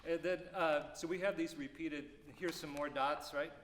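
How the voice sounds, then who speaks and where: A man teaching a music clinic, explaining phrasing and singing rhythms aloud with lively syllables. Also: fairly high pitch, normal speed. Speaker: percussion clinician. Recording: roomy hall reverb, faint noise.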